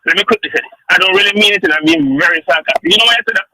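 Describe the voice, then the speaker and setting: Jamaican man, sports show host: high, very bright, fast, stammering, dry studio sound. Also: dry recording, rough recording. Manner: excitable, stammering repeats, cuts in often. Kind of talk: heated studio debate.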